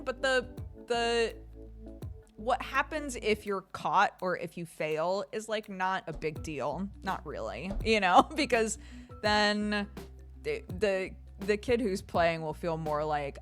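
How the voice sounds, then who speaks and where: Chatty, laughing woman streamer. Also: fairly low pitch. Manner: chatty, laughs often, animated storytelling. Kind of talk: casual chat with stream chat. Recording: faint background music.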